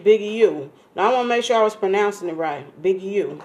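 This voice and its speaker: A woman's voice: medium pitch, expressive, brisk, darkish tone. A young woman from California hosting a casual radio interview, chatty and playful, who calls herself nosy. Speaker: radio show host.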